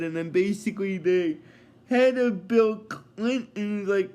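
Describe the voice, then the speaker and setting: A man's voice: sits high, steady tone, moderate pace, darkish tone. A man recapping a cartoon episode in a casual, rambling way, with many fillers and chuckling asides. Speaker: episode reviewer.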